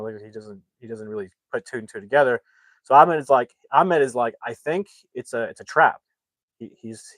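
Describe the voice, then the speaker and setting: A man's voice: mid-range voice, fairly bright tone, dry recording. A young man casually recapping a film's plot, rambling with frequent restarts and loosely acting out the characters' lines. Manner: rambling, many restarts, acts out quotes loosely. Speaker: movie reviewer.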